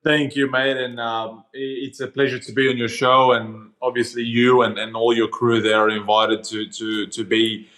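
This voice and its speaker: A man in his twenties from Australia, a guest on a podcast, telling stories casually and acting out his own quotes with lively shifts of voice, heard over a remote call. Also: mid-range voice, moderate pace, few pauses, poor audio. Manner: animated storyteller, acts out his own quotes. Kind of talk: casual storytelling interview.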